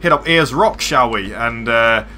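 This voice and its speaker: A man putting on a mock Australian accent to play a loud, hammy caricature of a boisterous Australian bloke, rambling with fillers. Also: mid-range voice, unhurried, faint music behind.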